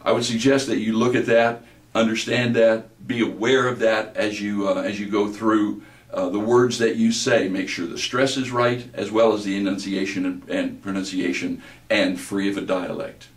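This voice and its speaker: Deliberate man teaching voice work. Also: fairly low pitch, fairly even intonation, far from the mic. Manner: deliberate, demonstrates words slowly. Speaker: voice-over instructor. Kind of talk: instructional lecture. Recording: roomy, from the mic.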